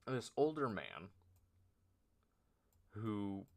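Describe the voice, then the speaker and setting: A man streamer improvising a story aloud, halting and nervous, often trailing off and poking fun at himself. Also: on the low side, very animated, vocal fry, darkish tone. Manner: halting, nervous, self-deprecating.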